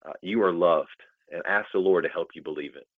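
A man speaking as a guest on a faith podcast, gentle and sincere. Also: low-pitched, fairly quick, no room sound. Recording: dry phone-like line.

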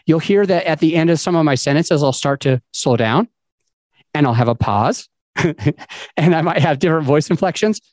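A man's voice: on the high side, expressive, moderate pace, a little mellow, no room sound. A man hosting a podcast, giving casual advice in a loose, conversational way with fillers and restarts. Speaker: podcast host.

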